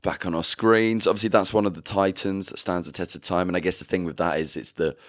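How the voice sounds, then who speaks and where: A man co-hosting a podcast, chatting in a relaxed and enthusiastic way. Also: deep voice, quick pace. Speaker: podcast co-host. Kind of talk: casual chat.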